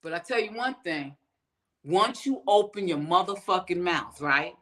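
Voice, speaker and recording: A woman's voice: lowish voice, lively intonation, normal speed, fairly bright tone. A woman from the United States hosting her own show, ranting in a profane, fired-up commentary straight to her viewers. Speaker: show host.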